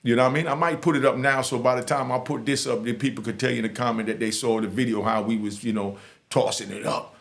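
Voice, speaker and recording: A man's voice: mid-range voice, steady tone, fast talker, vocal fry. A man from Harlem with a New York accent, talking straight to the camera in a casual, emphatic and streetwise way as he gives advice to young people. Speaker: YouTuber giving advice to youth. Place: indoors in front of a green screen.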